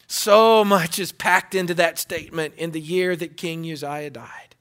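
Male preacher with a high, bright voice, delivering a sermon with builds and hushed drops. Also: fairly even intonation, a little slow. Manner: preaching with repetition, rising to loud emphasis and dropping to hushed tones. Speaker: pastor.

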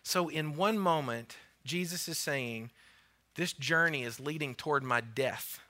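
A male pastor preaching a sermon, retelling a story with lively voices for the characters and repeating phrases for emphasis. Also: fairly high pitch, measured pace. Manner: animated storytelling, acting out the voices of biblical figures.

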